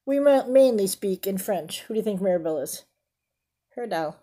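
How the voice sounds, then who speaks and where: A woman's voice: mid-range voice, expressive, moderate pace, mellow. A woman reading a picture book aloud to children, stopping often to ask about the pictures and explain fancy words. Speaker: storybook reader.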